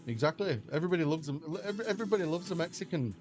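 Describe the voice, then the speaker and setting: A man's voice: fairly high pitch, expressive, rapid-fire, darkish tone, faint music behind. An English man livestreaming slots, chatting casually and rambling as he answers viewers' questions aloud. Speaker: slot livestreamer. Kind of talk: casual chat with stream viewers.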